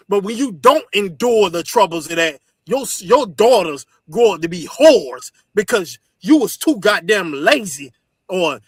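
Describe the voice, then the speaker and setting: A man preaching forcefully to his listeners, repeating "you understand" and swearing often. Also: high-pitched, no echo, studio quality. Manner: forceful, repetitive, profane. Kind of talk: street sermon teaching.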